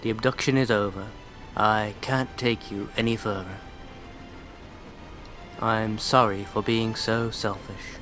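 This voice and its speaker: A humble young male hero from a fantasy game, speaking low and unhurried with quiet apology, as a gamer reads him out. The voice stays close to an ordinary man's, a little lowered and subdued. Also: steady tone, soft background music. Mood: apologetic.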